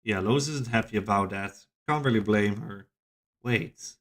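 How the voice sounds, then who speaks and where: A man's voice: fairly low pitch, normal speed, a bit bright. A man streaming a visual novel, reading the narration aloud and reacting casually, with plenty of swearing.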